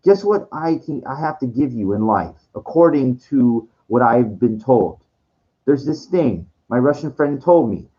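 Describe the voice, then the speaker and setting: A man's voice: medium pitch, animated, unhurried, lo-fi sound. A man talking in a rambling monologue, full of restarts and swearing, sometimes acting out what others said. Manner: quoting others in acted voices. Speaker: streamer.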